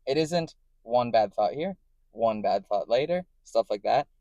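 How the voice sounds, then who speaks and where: A vlogger talks to camera in a casual, rambling monologue with a medium-pitched, expressive, mellow voice, speaking a little slowly. He corrects himself and often checks in with "right?". The recording is muffled, with no room sound.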